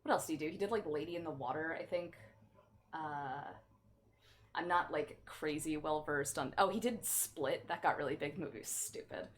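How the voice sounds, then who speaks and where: A woman's voice: sits low, normal speed, slight background noise. A woman livestreamer chatting casually with her chat in a playful, teasing, mock-offended way.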